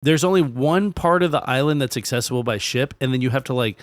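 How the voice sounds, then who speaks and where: A man's voice: medium pitch, fast, no room sound. A man co-hosting a podcast in casual chat, joking and swearing as he tells stories. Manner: joking, profane, drifting into silly put-on voices. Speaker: podcast co-host.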